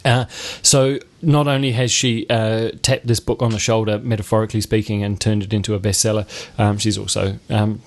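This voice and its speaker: A man's voice: fairly low pitch, level tone, a little fast, hardly any pauses. A man hosting a casual film review chat, wry and rambling, with frequent restarts. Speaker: film review show host.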